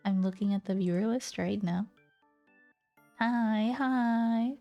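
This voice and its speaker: A woman's voice: medium pitch, takes it slowly, muffled recording, faint music behind. A woman streamer chatting casually with her viewers, playful and teasing, laughing often. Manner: giggly, playful and teasing, talks straight to viewers.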